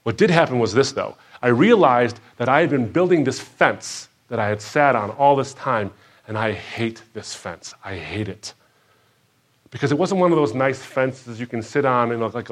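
A man telling his personal faith story to a live audience. He acts out what people said in a higher, louder voice and drops low and quiet at the emotional moments.

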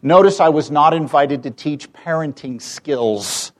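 A man in his fifties from the United States speaks to an audience in a somewhat high voice. He keeps the talk moving with pointed rhetorical questions and dry jokes. His delivery is animated and persuasive. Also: measured pace. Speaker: public speaker and campus debater.

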